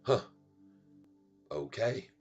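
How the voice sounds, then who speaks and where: A man's voice: very slow, darkish tone, lo-fi sound, faint music behind. A middle-aged man hosting a stock market livestream, joking, rhyming and laughing often as he hypes his viewers. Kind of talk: playful sing-song stock chat.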